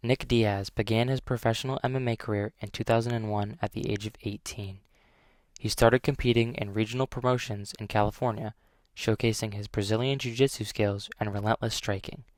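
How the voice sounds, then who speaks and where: A man narrating a documentary script in an even, measured way. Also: fairly low pitch, dry recording.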